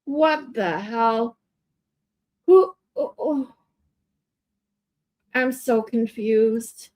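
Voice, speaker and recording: A woman hosts a livestream and reacts to clips with casual commentary, baffled and exasperated, with swearing slipped into her asides. Her voice is high and she talks slowly and drawls. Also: a little mellow. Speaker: livestream host.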